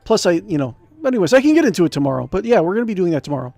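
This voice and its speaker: A man's voice: high voice, very animated, very fast, vocal fry, a little mellow, no echo. A man streaming a text adventure game, reading the game text aloud and chatting in a rambling way. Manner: rambling, chatty, many fillers and restarts.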